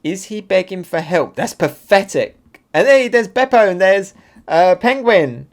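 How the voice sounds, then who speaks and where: A man hosting a live comic reaction and review, excitable and thinking aloud with fillers. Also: high voice, measured pace. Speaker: manga reaction channel host.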